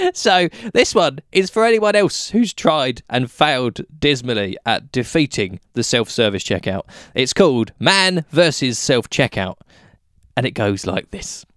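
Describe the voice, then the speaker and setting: A man's voice: medium pitch, big pitch swings, unhurried, fairly bright tone, dry recording, clean studio sound. A British man hosting a podcast and reading his own comic rhyming poem in a wry, self-mocking way. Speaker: podcast host.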